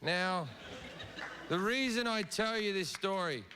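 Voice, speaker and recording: A man's voice: high voice, animated, takes it slowly, pushed and bright, slight background noise. A man doing a crude stand-up comedy set on a theatre stage, telling a story and acting out the voices in it. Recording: reverberant live theatre recording with audience.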